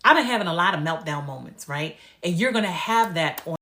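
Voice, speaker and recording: A woman's voice: on the low side, lively intonation, fairly quick, fairly bright tone. A woman in her forties chatting casually on a live stream as a lifestyle coach, confiding and emotional as she tells personal stories.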